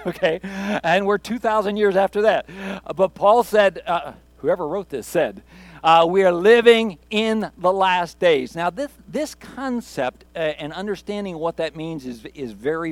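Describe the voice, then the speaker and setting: Conversational pastor preaching, slightly high voice. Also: male voice, animated, moderate pace, no room sound. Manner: conversational preaching, repeats phrases for emphasis, asks the congregation questions. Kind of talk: sermon. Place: church sanctuary with congregation.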